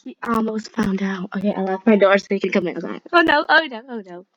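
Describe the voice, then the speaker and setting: A woman's voice: mid-range voice, steady tone, fast, dry recording, muffled recording. A young woman giving casual, rambling commentary while playing a game, giggling often and using lots of fillers. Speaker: gamer.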